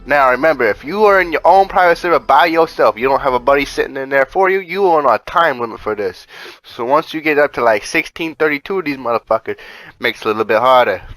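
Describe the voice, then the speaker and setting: A man's voice: lively intonation, fast, a bit bright, no room sound, poor audio. A man talking casually over gameplay as a channel host, laid-back and profane, walking viewers through a glitch step by step with catchphrases. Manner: laid-back, profane, repeats "bada bing, bada boom".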